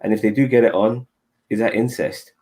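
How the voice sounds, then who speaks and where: A man casually chatting as a podcast co-host, animated and swearing freely with slang. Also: lowish voice, fairly quick. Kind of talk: casual chat.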